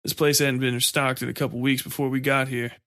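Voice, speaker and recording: A man voicing a tired, grim man who talks slowly. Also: medium pitch, little pitch movement, a bit bright, no echo, clean studio sound, close to an everyday voice.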